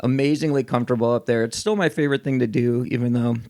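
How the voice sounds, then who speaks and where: A man's voice: mid-range voice, steady tone, fast, dark tone. A man from the Chicago area, an actor and improviser guesting on a podcast, chatting casually in a self-deprecating way and laughing often. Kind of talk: casual chat.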